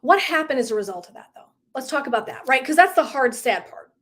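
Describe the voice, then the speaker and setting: A woman's voice: high voice, animated, fast talker. A middle-aged woman coach talking casually and earnestly on a livestream, full of "like" and "right?". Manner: chatty, heavy use of "like", earnest and emotive. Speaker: wellness coach.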